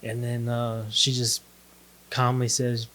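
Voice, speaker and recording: A man talks through his own testimony as a podcast guest. He is relaxed and easygoing, with a mid-range voice, and he acts out the other people's lines as he tells it. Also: mid-range voice, slow pace. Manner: laid-back storyteller, acts out quotes. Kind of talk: casual testimony chat.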